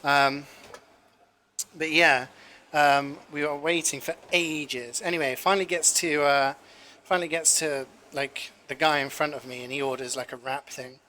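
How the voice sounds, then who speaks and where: Bright-voiced young man rambling. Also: a little high, steady tone, moderate pace, a little hiss or hum. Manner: rambling, filler-heavy, swears casually. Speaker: cooking streamer. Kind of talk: casual storytelling while cooking.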